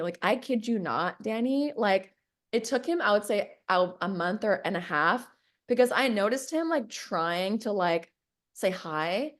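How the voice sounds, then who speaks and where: A woman casually telling a personal story on a podcast, full of likes and whatevers, jumping up in pitch whenever she quotes someone. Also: a little slow. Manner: animated, acts out quoted voices with big pitch jumps; filler-heavy, says like and whatever often.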